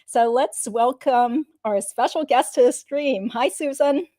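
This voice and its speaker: Lawyer lady hosting, reads legal stuff out matter-of-fact, mellow voice. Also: high voice, a little slow. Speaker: host and lawyer. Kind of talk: reading a legal transcript aloud.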